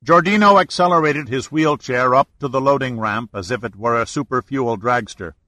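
A man narrating an adventure novel as an audiobook reader, in steady storytelling. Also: mid-range voice, normal speed, no echo. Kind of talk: scripted narration.

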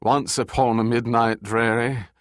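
A man voicing a drunken, genial upper-class English older gentleman with slurred speech and a British accent. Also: medium pitch, fairly even intonation, a little slow, dry recording, studio quality, natural voice. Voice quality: slurred, belching.

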